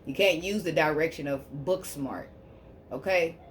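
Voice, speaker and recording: A woman giving a tarot reading on her channel, preaching fervently to her listeners and softly repeating prayerful invocations as she draws cards. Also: low voice, a little slow, a little hiss or hum. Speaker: spiritual healer and tarot reader.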